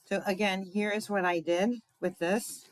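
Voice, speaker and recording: A woman's voice: medium pitch, steady tone, a little slow, slight background noise, poor audio. A woman giving a casual live craft demonstration, chatty and thinking aloud, talking to her viewers with fillers and asides.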